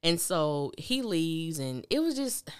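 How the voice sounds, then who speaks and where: A woman with a low, sing-song voice speaks slowly and smoothly in a dry, studio-quality recording. She hosts a podcast, recapping a TV drama in candid, opinionated casual talk and acting out the characters' lines.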